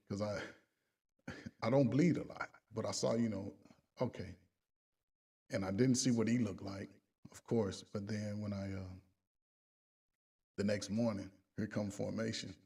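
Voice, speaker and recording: A man's voice: lowish voice, creaky, husky, far from the mic. A man, a coach, casually telling profane stories, laughing along and quoting other people in his own voice. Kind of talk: casual storytelling.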